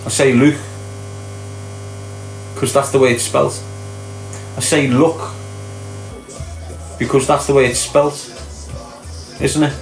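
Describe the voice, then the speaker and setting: A man with a Liverpool accent talks in a loose, rambling way, often tagging his points with rhetorical questions. He sits in a roomy, echoey space with faint music under him. His voice sits at an ordinary middle pitch. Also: flat delivery, moderate pace, creaky, long pauses. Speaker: podcast host. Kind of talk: casual chat.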